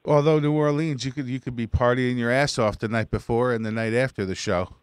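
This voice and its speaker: A man of middle pitch hosts a casual interview, asking his questions in a loose, crude, joking manner. The sound is dry and close. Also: fairly even intonation, fairly quick, clean tone, no room sound. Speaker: show host interviewer.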